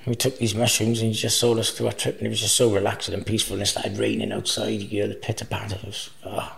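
A man's voice: on the low side, level tone, quick pace, vocal fry. A man as an interview guest, telling crude travel anecdotes with frequent laughter. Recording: echoey room.

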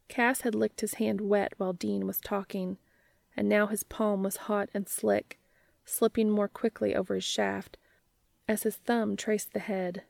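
A woman narrating an amateur audiobook reading in a soft, intimate storytelling manner. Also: medium pitch, flat delivery, measured pace, creaky, no room sound.

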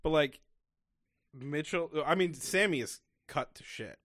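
A man's voice: on the high side, expressive, unhurried, a bit bright, no room sound, clean studio sound. A young man co-hosting a podcast, chatting bluntly and jokingly, with frequent swearing. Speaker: podcast co-host. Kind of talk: casual recap chat.

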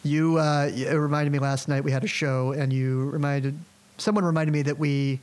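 A podcast host chats in a relaxed, easygoing way. His voice sits a little high for a man, and he moves the talk along between his guests. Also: normal speed. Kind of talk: casual chat.

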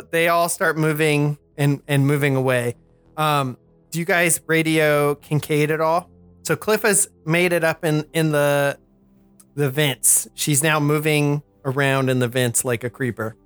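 A man's voice: fairly high pitch, takes it slowly, a bit bright, clean tone, no room sound, faint music behind. A man running a tabletop game as game master, rambling with many fillers. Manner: rambling, lots of "like" and "you know".

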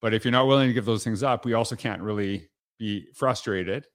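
A man with a fairly low voice hosts a podcast in a casual, reflective monologue. He rambles, circling back with fillers and restarts. The sound is dry and close, with no room around it. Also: brisk, no room sound. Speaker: podcast host.

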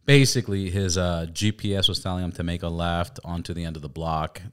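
A man hosting a podcast, chatting casually, swearing freely and telling animated stories. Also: low voice, brisk, clear, resonant tone. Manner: profane, storytelling, animated. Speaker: podcast host. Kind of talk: casual chat.

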